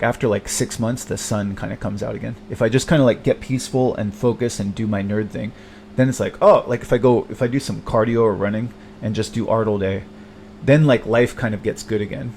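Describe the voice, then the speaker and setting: A man talking in a long confessional monologue, rambling and halting with many restarts, self-deprecating and bitter, swearing often. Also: on the low side, darkish tone, slight background noise. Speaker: vlogger.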